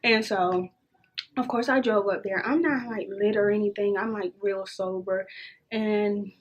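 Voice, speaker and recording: A young adult woman vlogger telling a casual storytime, animated and swearing freely as she acts out the dialogue. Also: medium pitch, measured pace, highs cut off, a little hiss or hum.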